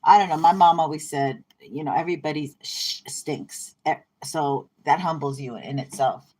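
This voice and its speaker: A woman's voice: deep voice, moderate pace, darkish tone. A woman giving a casual, chatty tarot reading in an irreverent manner, often laughing. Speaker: tarot reader. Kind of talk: casual spiritual card reading.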